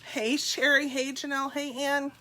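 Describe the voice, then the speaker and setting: A middle-aged woman with a high-sitting voice, level in tone yet pushed and bright, sounds congested as she shares a personal story on a live stream. She speaks slowly and confidingly with real feeling, calling out viewers by name.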